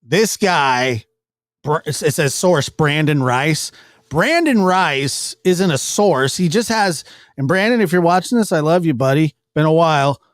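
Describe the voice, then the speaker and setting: A man's voice: on the high side, lively intonation, a little slow, no echo. A man giving casual commentary as he reacts to news clips, rambling with restarts and chuckles.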